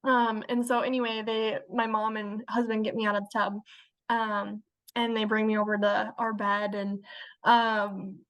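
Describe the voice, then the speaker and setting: A woman's voice: mid-range voice, little pitch movement, unhurried, a bit bright. A young woman telling a personal story as a guest in casual conversation, with many fillers. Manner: chatty, many fillers, laughs while telling. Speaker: interview guest.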